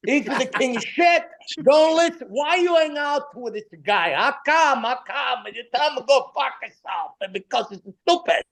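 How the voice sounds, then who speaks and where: A man imitating his older Italian immigrant father, speaking in loud, exasperated broken English with an Italian accent. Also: extremely high pitch, expressive, normal speed, pitched above the performer's own voice, exaggerated voice. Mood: scolding.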